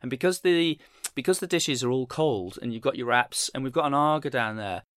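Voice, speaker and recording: A man's voice: medium pitch, a little fast, a bit bright, no room sound, clean studio sound. A man, a chef speaking candidly and reflectively as a podcast guest. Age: 50s. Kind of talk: podcast interview.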